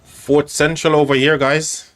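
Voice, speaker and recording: On a relaxed live stream, a man comments on a strategy game in an unhurried, slightly high and somewhat bright voice with little pitch movement. He rambles to his chat, leaning on fillers and restarting often.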